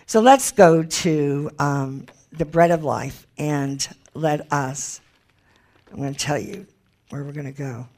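A woman's voice: low-pitched, slow, a little mellow. Woman, Bible teacher, informal teaching, chatty, emphatic, thinks aloud.

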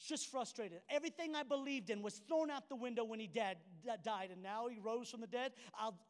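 A man preaching a sermon as a pastor, swinging from hushed tones to shouting. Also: extremely high pitch, fairly quick, hardly any pauses. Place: church hall. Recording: echoey hall with faint music.

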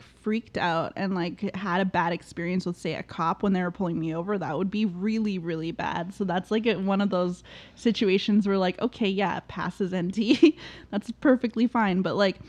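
A woman's voice: mid-range voice, normal speed, a little mellow. Giggly rambling woman. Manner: rambling, laughs often, many fillers. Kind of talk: casual conversation.

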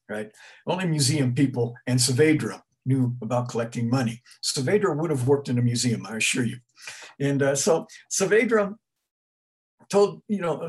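Middle-aged man, mid-range pitch, rambling conversational history talk to a live audience. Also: husky. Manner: rambling, conversational, many restarts and asides. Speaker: museum speaker giving a talk. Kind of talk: informal history lecture to an audience.

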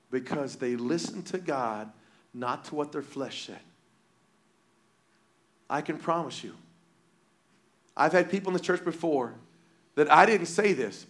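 A man preaching a sermon with passion, repeating phrases and swinging between loud and hushed delivery. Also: a little high.

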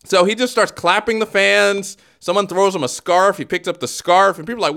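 A man hosting a comedy podcast, telling a story in an animated, rambling way with frequent restarts. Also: high voice, a little fast, creaky. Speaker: podcast host. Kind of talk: comic storytelling talk show.

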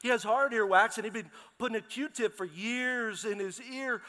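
A middle-aged pastor preaching with a bright, ringing tone and a fairly high voice. He tells lively stories and calls out to the congregation, his voice trailing into the long reverb of a big church hall. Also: normal speed. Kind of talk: sermon.

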